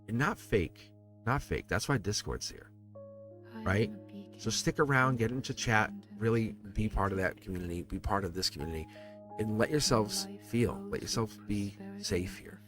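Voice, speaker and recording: A middle-aged man hosting a live tarot stream, rambling and animated, laughing often as he talks. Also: on the low side, normal speed, music in the background.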